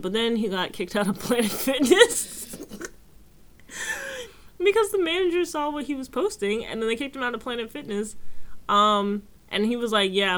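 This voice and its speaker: Sassy, animated woman podcaster. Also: mid-range voice, clear, resonant tone. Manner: animated, sassy, slangy, mock-preaching asides. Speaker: podcast co-host. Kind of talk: casual chat.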